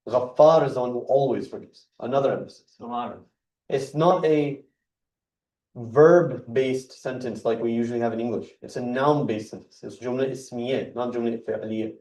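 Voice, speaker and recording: Man, mosque speaker, earnest explainer with a mellow tone, recorded roomy and from a distance. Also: medium pitch, moderate pace. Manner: earnest, explains word by word with emphasis. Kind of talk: religious talk. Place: mosque hall. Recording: echoey hall, mic heard from a distance.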